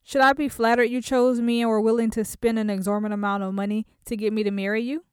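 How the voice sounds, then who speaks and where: A woman's voice: fairly high pitch, level tone, quick pace, darkish tone, clear, resonant tone, no echo, studio quality, close to an everyday voice. A woman voicing a hurt, bitter young wife confronting her husband, in an audiobook.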